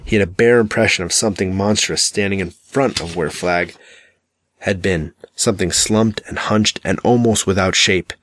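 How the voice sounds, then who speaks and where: A man reads a dark novel aloud in a measured, dramatic way. His voice sits on the low side. The sound is dry and close, with no room around it. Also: no room sound. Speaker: audiobook narrator. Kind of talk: scripted narration.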